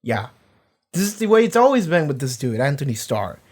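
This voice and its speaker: Excitable, swearing male reaction vlogger. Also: fairly high pitch, brisk. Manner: excitable, rambling, swears a lot. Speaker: TV reaction YouTuber. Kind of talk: casual reaction commentary.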